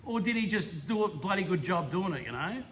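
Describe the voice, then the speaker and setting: A man with an Australian accent hosting a casual, rambling roundup of hobby channels, enthusiastic and quick to laugh. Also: high-pitched, expressive, fairly bright tone, slight background noise. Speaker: slot car hobby channel host.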